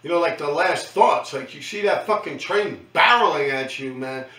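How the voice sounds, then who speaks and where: A middle-aged man with a New York accent tells stories in a loose, profane monologue full of slang. His voice sits a bit high and sounds bright and tense. He is some distance from the mic in an echoey room. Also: animated, normal speed. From New York City. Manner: profane, slangy, keeps tagging lines with "man". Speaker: host recounting his graffiti days. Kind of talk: casual storytelling monologue.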